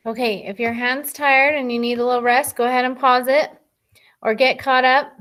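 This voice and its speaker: A woman's voice: sits high, fairly even intonation, a bit bright. A woman teacher giving a recorded phonics lesson to children, patient and thinking aloud as she writes. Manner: slow, patient, thinking aloud while writing.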